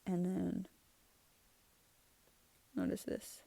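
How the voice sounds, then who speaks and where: A woman's voice: on the low side, flat delivery, drawn-out words, gravelly, warm tone, no room sound. A young woman hosting her channel, chatting casually and rambling through her old drawings, laughing often. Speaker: channel host. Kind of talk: casual art review chat.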